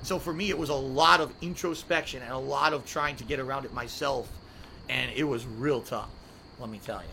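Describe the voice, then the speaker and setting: Bright-voiced, emotional male streamer. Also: medium pitch, fairly even intonation, brisk, creaky, a little hiss or hum. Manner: emotional, earnest, close to tears; casual, with swearing and filler words. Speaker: live-stream podcast host. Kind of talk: heartfelt sign-off while reading viewer messages. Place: at home.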